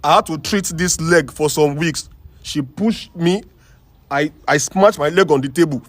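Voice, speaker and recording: A man's voice: a little high, no echo. Emotional man telling his story. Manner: emotional, halting, repeats himself. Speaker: guest.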